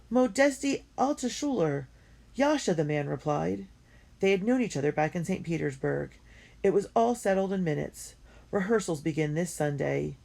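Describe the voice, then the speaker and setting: A woman reading a first-person diary story aloud in an earnest and expressive way. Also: low-pitched, gravelly. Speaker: audiobook reader.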